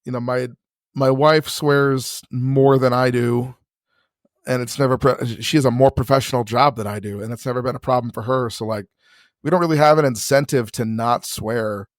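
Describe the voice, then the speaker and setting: A man's voice: medium pitch, fairly even intonation, normal speed, no room sound. A man chatting on a podcast with easy, frank candor and loose profanity. His voice sits in a middle register. The sound is dry and close, with no room around it. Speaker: podcast co-host. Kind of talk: casual podcast chat.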